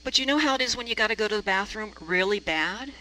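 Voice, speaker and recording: A woman preacher spins a personal story in a chatty, self-deprecating way, her voice bright and forward. A faint hum sits under her voice. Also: medium pitch, expressive, fast talker, low-quality recording. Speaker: reverend. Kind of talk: storytelling sermon.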